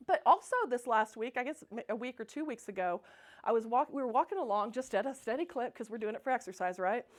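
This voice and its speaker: A woman's voice: a little high, moderate pace. A woman giving a Sunday talk at a spiritual center, telling personal stories in a bubbly way and laughing often. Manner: bubbly, laughs often, acts out her own excited quotes. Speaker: guest speaker at a spiritual center.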